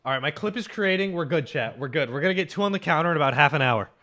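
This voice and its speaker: A man's voice: fairly high pitch, lively intonation, rapid-fire, sharp tone. A young man streaming a game, chatting and joking casually with his viewers, swearing freely. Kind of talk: casual live-stream chat.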